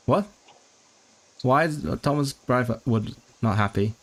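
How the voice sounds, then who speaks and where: A low-pitched man talks at an unhurried, slow pace during a live study stream. He thinks aloud and stumbles over restarted words. His puzzled asides to himself keep the talk halting. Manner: halting, restarting words while working out signed content; puzzled self-questioning asides. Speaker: language-learning streamer.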